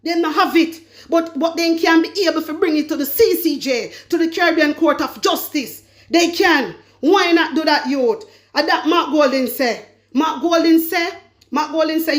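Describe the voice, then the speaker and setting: A Jamaican woman with a high voice talks straight to her viewers on her vlog. She rants about politics in a scolding, emphatic way and hammers her points home by repeating them. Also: normal speed. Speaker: commentary vlogger. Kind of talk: political commentary rant.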